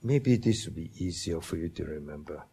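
A man's voice: extremely low pitch, expressive, dark tone, husky. A man with preaching a Bible lesson, stressing each promise and quizzing his listeners. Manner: slow, deliberate, emphatic on quoted promises, asks the listeners questions. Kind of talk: Bible teaching sermon.

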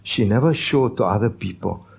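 A pastor preaching a sermon in a church, teaching in a conversational way and putting questions to the congregation. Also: male voice, on the low side, expressive, normal speed, creaky, darkish tone, husky.

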